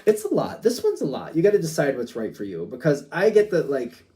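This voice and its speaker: A man's voice: mid-range voice, a little mellow. A man giving a casual tarot reading, rambling and hedging with lots of filler words and disclaimers. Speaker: tarot reader.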